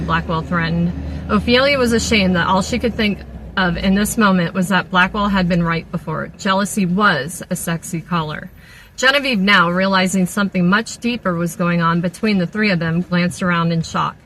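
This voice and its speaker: A woman reading a novel aloud at an even, steady pace, with a few small restarts. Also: fairly low pitch, normal speed, slight background noise, low-quality recording. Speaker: audiobook reader.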